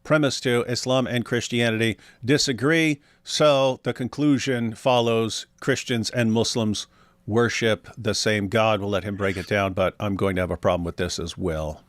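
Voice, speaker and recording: A man's voice: on the low side, steady tone, normal speed, no echo, studio quality. A man hosting a livestream who comments on a debate in a sarcastic, emphatic and argumentative way. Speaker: host.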